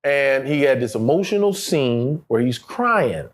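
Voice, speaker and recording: A middle-aged actor with a mid-range voice, speaking a little slowly, swaps stories in a laid-back interview. He's lively and foul-mouthed, laughs frequently, and mimics the people he quotes.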